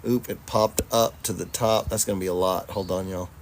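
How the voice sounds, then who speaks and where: A man's voice: sits low, fairly even intonation, a little fast, slight background noise. A man hosting a livestream, casually reading viewer comments aloud, laughing easily and swearing freely. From Charlotte, North Carolina, US. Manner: laid-back, profane, laughs often, addresses audience as y'all. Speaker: livestream host.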